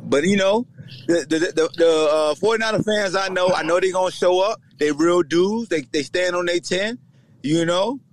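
A man's voice: sits high, normal speed. A middle-aged man from Virginia hosting a casual sports podcast, talking in slang, joking and mimicking other people. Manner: animated, slangy, jokes and voices people. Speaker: podcast host, former player.

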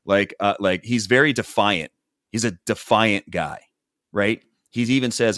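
Guy with a lowish voice telling a reality tv story, tons of "like"s, dry close sound. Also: a little slow, a bit bright, no echo. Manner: rambling storyteller, heavy "like" fillers, acts out quotes. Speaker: podcast co-host recapping a reality show. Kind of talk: casual chat.

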